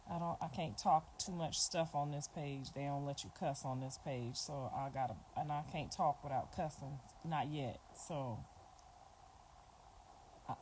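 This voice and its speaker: A middle-aged woman speaks in a lowish voice, chatting bluntly and informally to her viewers on a phone livestream. She circles back to the same points again and again. Clear clicking noise sits behind her voice. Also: a little slow, a little mellow, rough recording. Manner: blunt, repetitive, informal talk. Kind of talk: casual livestream chat.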